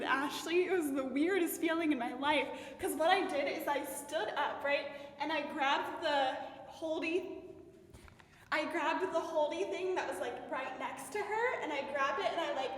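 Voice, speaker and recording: A young adult woman, a college student vlogger, chats casually in a high-pitched voice, telling a story in a bubbly way and saying "like" a lot. The recording is roomy, with long reverb echoing around her.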